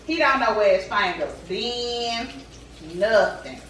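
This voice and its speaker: A woman vlogger telling a story straight to her viewers in a chatty, animated way. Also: on the high side, slow, recorded from a distance, a little hiss or hum. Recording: echoey room, away from the mic.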